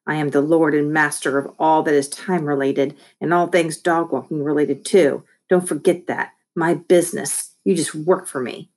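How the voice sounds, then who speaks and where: A woman's voice: low voice, steady tone, normal speed, hardly any pauses, a little mellow. A woman voicing a bossy young boy who runs a small business, talking in a bratty, emphatic way.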